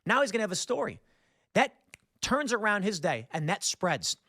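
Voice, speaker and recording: A man hosting a podcast, telling a personal anecdote in a casual, animated way with frequent fillers. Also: high voice, normal speed, husky, dry recording, studio quality. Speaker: podcast host. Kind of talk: casual storytelling.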